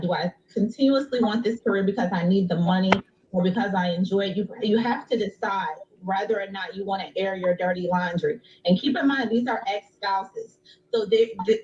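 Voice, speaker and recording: A woman's voice: medium pitch, darkish tone. Woman, legal analyst, confident, step by step, dull broadcast sound. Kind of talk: TV legal commentary.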